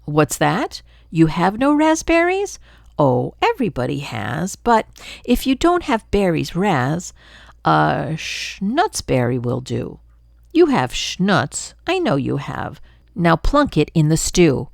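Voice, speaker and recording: A woman's voice: low voice, wildly swooping pitch, slow pace, gravelly, dry recording, clean studio sound, exaggerated voice. An older woman voicing a chatty, pushy male glunk creature in a storybook read-aloud, sweet-talking and jabbering on.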